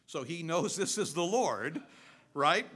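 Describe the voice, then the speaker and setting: A middle-aged male pastor preaching a sermon, animated and storytelling, swinging between loud and soft. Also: fairly high pitch, slow pace.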